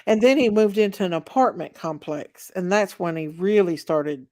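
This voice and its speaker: A woman with a Southern US accent hosts a casual livestream, chatty and drawling as she reads viewer comments aloud. Her voice is fairly low and mellow at a moderate pace, in echo-free, studio-quality sound.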